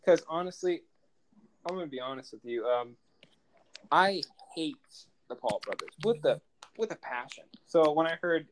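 A man's voice: on the high side, moderate pace, poor audio. Rambling young man on a podcast. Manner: rambling, laughs often, swearing. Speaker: podcast co-host. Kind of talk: casual chat.

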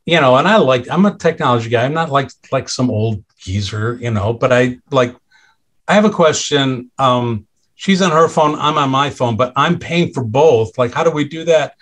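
A middle-aged man sits in as a guest and tells a story from his own life, openly and in plain words. He stops and restarts often, leans on fillers, and slips into quoted voices to act out the people in the story. His pitch sits in the ordinary middle range for a man. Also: animated, fairly bright tone. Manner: halting, with frequent restarts and fillers; acts out others' lines in quoted voices. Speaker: podcast guest. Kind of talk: candid conversational storytelling.

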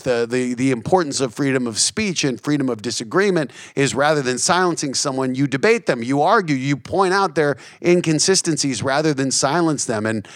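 An earnest man in his forties who tells his stories with animation, often restarting his sentences. His voice sits mid-pitch and is recorded close and dry. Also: no echo. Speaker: guest, comedian and TV host. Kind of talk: casual podcast conversation.

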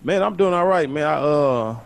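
A man hosting a casual podcast chat, talking quickly and excitedly, often repeating words as he goes. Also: on the high side, gravelly. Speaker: podcast host.

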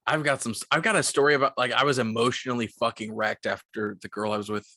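A young man co-hosting a casual podcast, telling stories with lots of swearing and animated quoting, sounding a bit tipsy. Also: medium pitch, fast talker, no echo, studio quality. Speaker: podcast co-host. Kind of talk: casual chat, storytelling.

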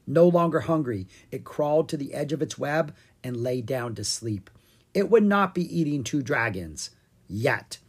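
An animated reader telling a children's story, the pitch rising and falling a lot. The voice has a soft husky grain and an average middle pitch. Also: normal speed. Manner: animated, expressive. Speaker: audiobook reader. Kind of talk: storybook narration.

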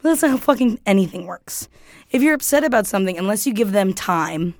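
A woman co-hosting a podcast in casual chat, blunt and animated, swearing freely as she retells arguments. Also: mid-range voice, fast talker, no room sound, studio quality. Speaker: podcast co-host.

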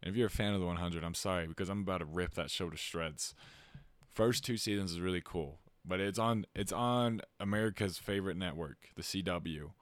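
A man co-hosting a podcast, ranting in an animated, exaggerated way during casual chat. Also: low voice, fairly quick, no room sound. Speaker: podcast co-host.

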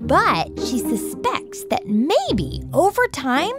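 A woman co-hosting a playful kids' science podcast in an excitable, theatrical way. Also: high-pitched, slow pace. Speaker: co-host. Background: music.

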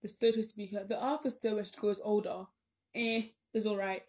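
A woman's voice: medium pitch, steady tone, fairly quick, darkish tone. A young woman, chatting casually and rambling as she corrects herself along the way. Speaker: vlogger. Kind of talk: casual chat.

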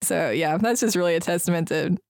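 Podcast co-host, casual chatty recap, mid pitch, dry close sound. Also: a little fast, no room sound. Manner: casual, chatty and laughing along. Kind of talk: casual fan recap chat.

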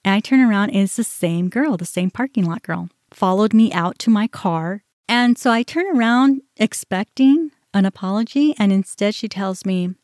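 A middle-aged woman hosting a podcast, telling a personal story in an animated way, often quoting herself and others. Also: mid-range voice, normal speed, few pauses, dry recording, studio quality. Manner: animated, quotes herself and others, restarts when upset. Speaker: podcast host.

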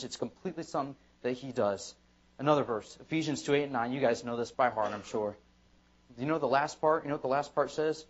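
A man pastor preaching an evening sermon in church, emphatic and repetitive. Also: mid-range voice. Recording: dull lo-fi sermon recording.

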